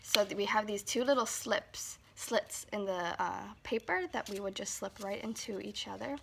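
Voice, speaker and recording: A woman librarian reading a picture book aloud to children in a slow, sing-song storytime manner, sometimes dropping into soft whispers. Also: medium pitch, vocal fry, a little hiss or hum.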